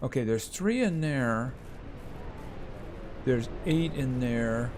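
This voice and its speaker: A man's voice: medium pitch, expressive, slow, a little mellow, a little hiss or hum. A man streaming a farming game live, chatting casually with his viewers as he plays. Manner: chatty, talks to game animals and reads chat aloud.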